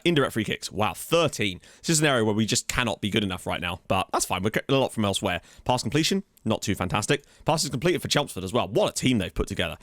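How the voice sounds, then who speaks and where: A man's voice: medium pitch, fairly bright tone, no echo, clean studio sound. A man hosting a football management game let's play, chatting casually and thinking aloud as he reads through stats, easily amazed.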